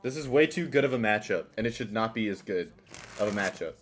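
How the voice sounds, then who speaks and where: A man's voice: fairly low pitch, lively intonation, fast talker, a little hiss or hum. Rambling, self-mocking male streamer. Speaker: streamer playing a party game. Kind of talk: casual live-stream chat. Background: faint background music.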